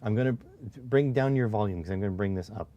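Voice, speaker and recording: A man's voice: fairly low pitch, quick pace, dark tone, dull audio. A man hosting a casual live stream while he codes, losing his voice and muttering to himself between answers to his chat, on a clip-on mic. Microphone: clip-on mic near the chest.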